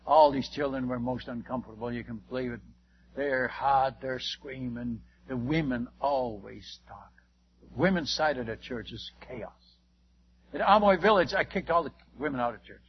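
A man who works as a missionary preacher tells a lively anecdote to a listener, exclaiming often and restarting his sentences. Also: medium pitch, moderate pace, breathy edge. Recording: dull lo-fi recording.

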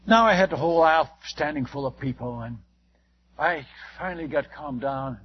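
A man with a high, slightly husky voice spins a rambling missionary anecdote, full of exclamations and false starts. The recording is dull and lo-fi, as if from an old tape. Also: normal speed. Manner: lively, exclamatory, many restarts. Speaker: missionary preacher. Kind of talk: anecdotal storytelling to a listener.

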